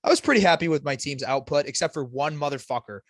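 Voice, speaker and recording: A man's voice: on the high side, quick pace, dry recording, studio quality. A man co-hosting a podcast, griping about sports in a profane, mock-vengeful way. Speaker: podcast co-host. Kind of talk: casual sports chat.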